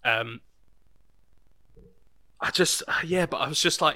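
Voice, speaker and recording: A man's voice: mid-range voice, lively intonation, takes it slowly, long pauses, pushed and bright, no echo. A young man co-hosting a podcast, rambling casually and dropping to a mumble at the ends of phrases. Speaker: podcast co-host. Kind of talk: casual chat.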